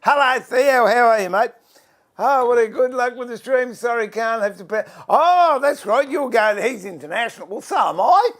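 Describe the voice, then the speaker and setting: A man's voice: very high voice, lively intonation, moderate pace, a bit bright. An older Australian man hosting a casual livestream from his workshop, chatting, greeting viewers by name and fiddling with his gear as he talks. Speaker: livestream host and furniture maker.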